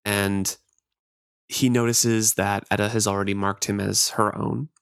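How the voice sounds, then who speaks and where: Low-voiced man talking books. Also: level tone, unhurried, vocal fry, fairly bright tone, clear, resonant tone, no room sound, clean studio sound. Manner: conversational, explaining plot details. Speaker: podcast co-host. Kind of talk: casual book discussion and reading aloud.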